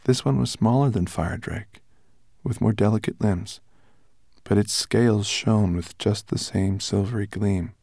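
Guy reading a storybook, low gravelly voice, dry close mic. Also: warm tone, dry recording. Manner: measured storytelling. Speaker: audiobook narrator. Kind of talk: scripted narration.

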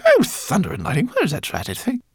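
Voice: mid-range voice, wildly swooping pitch, fairly quick, vocal fry, slightly rough, dry recording, clean studio sound, pitched above the performer's own voice, exaggerated voice. A reader voicing a fussy, plump female rat pilot who grumbles and exclaims in a flustered way, as an audiobook character voice.

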